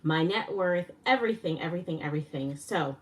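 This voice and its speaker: Excitable woman on a live stream. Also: fairly low pitch, fairly quick, recorded from a distance. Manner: excitable, laughs often, gushing thanks. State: flushed and a little winded. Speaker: livestream host. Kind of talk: casual live-stream chat.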